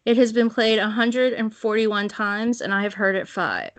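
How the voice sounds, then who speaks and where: A woman's voice: medium pitch, lively intonation, moderate pace, fairly bright tone, dry recording. A woman co-hosting a fan podcast, chatting casually and animatedly, swearing and laughing often. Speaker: podcast co-host. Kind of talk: casual chat.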